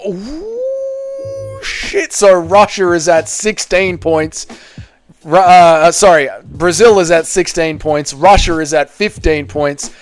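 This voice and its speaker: Aussie male streamer, casual and crude, slightly higher voice, clean resonant tone. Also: clear, resonant tone. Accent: Australian. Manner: rambling, jokey, swears casually. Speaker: livestream host reading chat. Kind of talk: casual live-stream chat.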